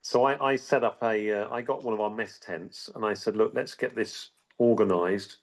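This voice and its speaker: Man, middle-aged, lowish voice; earnest interview guest, halting storyteller. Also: steady tone. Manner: halting, with frequent restarts and repeated words. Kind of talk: recounting a personal story.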